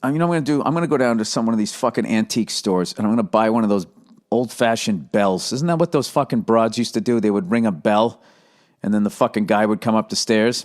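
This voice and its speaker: A man in his fifties with a Boston accent, hosting a podcast with a profane, exasperated comedic rant and quick impressions of others. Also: mid-range voice, lively intonation. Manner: profane, exasperated, mimics others mid-story. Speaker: podcast host. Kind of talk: comedic ranting monologue.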